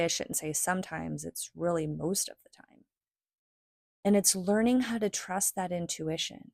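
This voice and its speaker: A low-pitched woman in her thirties with a gravelly edge to her voice. She talks in an earnest, chatty way on her own podcast. The sound is dry and close, with no room around it. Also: no echo. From United States. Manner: earnest and chatty, fond of "right?" and "like". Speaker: podcast host. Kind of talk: reflective solo talk on spirituality.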